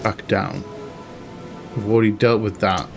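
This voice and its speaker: A man casually commentating while he plays a mystery game, chatty and self-mocking as he thinks out loud. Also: on the low side, steady tone, a little slow, vocal fry, music in the background. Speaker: game streamer. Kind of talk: casual let's-play commentary.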